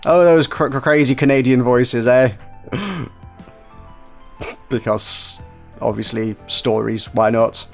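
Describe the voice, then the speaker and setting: A man's voice: medium pitch, slow, pauses often, faint music behind. A man hosting a playful reading of a visual novel, rambling with jokey asides. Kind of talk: playful let's-play narration.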